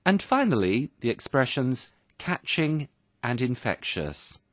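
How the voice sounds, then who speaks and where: A man's voice: medium pitch, very animated, measured pace, dry recording, studio quality. A man presenting a radio English lesson, explaining phrases in a patient, teacherly way.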